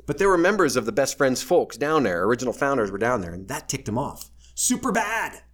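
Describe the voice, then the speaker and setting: A man's voice: mid-range voice, a little fast. A middle-aged man telling his life story to a live audience, candid and wry, poking fun at himself. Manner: wry, self-deprecating, animated when quoting others.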